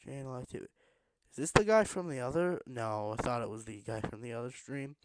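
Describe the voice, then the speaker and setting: A man's voice: mid-range voice, a little fast. A man streaming a block-building game late at night, rambling to himself in a tired, casual way while he builds. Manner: rambling, self-talking, tired but pushing energy.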